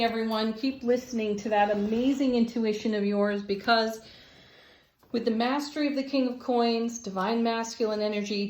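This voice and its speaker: This tarot and oracle card reader has a voice on the high side, a little mellow. Her casual spiritual reading is encouraging and full of frequent laughter.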